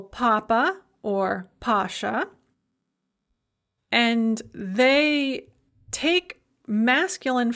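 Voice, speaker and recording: A woman instructor giving a recorded lecture over slides, explaining grammar patiently and saying example words slowly and carefully. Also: fairly high pitch, a bit bright. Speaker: language instructor.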